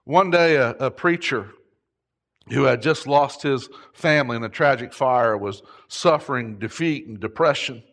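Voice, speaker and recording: A middle-aged man preaching a sermon, impassioned, rising to shouts at its peaks. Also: medium pitch, unhurried. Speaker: pastor.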